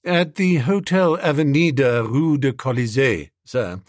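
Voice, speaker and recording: A man's voice: mid-range voice, unhurried, no echo, clean studio sound, natural voice. A man voicing a formal, reserved manservant who answers in clipped, deferential lines.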